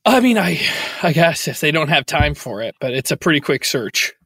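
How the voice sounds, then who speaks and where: A man's voice: fairly high pitch, very animated, moderate pace, creaky, a bit bright, slightly rough, no echo, clean studio sound. A man as a guest on a comedy podcast, easygoing as he plugs himself. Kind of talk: casual comedy podcast chat.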